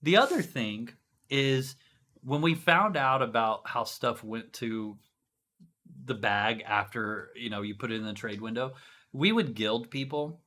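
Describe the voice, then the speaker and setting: Bright-voiced male podcast host. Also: medium pitch, a little slow, a little hiss or hum. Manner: animated, piles on fillers like "right?" and "you know". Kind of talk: casual storytelling chat.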